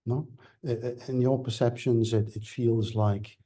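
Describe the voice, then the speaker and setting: A man's voice: medium pitch, steady tone, measured pace, mellow. A male lecturer giving a seminar talk, hesitant and full of fillers and restarts.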